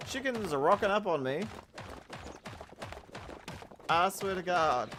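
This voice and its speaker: An adult gaming host talking through a playthrough in casual let's-play commentary, rambling with restarts and swinging from mumbled asides to loud outbursts. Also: mid-range voice, very animated, moderate pace, pauses often. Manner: chatty, rambling with fillers and restarts. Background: game music.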